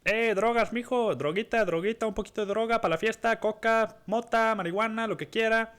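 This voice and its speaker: A man voicing a pushy female drug dealer in a bathroom, hawking in a Mexican Spanish accent with a high, sing-song voice. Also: quick pace, a bit bright, smooth.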